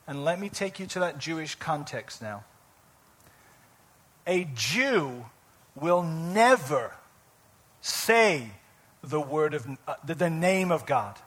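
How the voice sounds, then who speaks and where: A man preaching a sermon as pastor, animated, with sudden loud emphasis and soft asides. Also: a little high, slow, pauses often.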